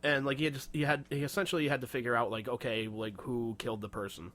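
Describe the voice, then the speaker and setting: A man's voice: mid-range voice, fairly even intonation, quick pace, a bit bright. A young man co-hosting a podcast, telling a story in casual, profane chat and laughing often. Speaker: podcast co-host.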